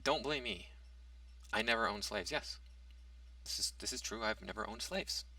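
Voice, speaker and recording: Male commentator, low gravelly voice, hesitant restarts, dry recording from a distance. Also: moderate pace, sharp tone, dry recording. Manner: argumentative, reads out a topic then rebuts it. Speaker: commentary vlogger. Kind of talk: casual opinion monologue.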